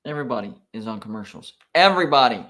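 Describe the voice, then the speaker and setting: Brief: male streamer, slightly higher voice, emotional fan commentary on live football, excitable and complaining. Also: normal speed.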